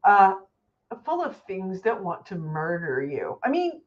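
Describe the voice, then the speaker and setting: A woman co-hosting a casual chat show, telling stories in an animated, swearing, easygoing way. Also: mid-range voice, unhurried, dull audio. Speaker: podcast co-host.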